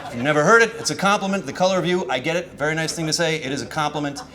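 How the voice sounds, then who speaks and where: An American man from Washington DC doing a stand-up set, telling stories in an animated, exasperated way and acting out bits of dialogue. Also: fairly high pitch, very fast. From Washington DC, USA. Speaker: stand-up comedian. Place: comedy festival stage with laughing audience. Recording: live club recording with audience noise.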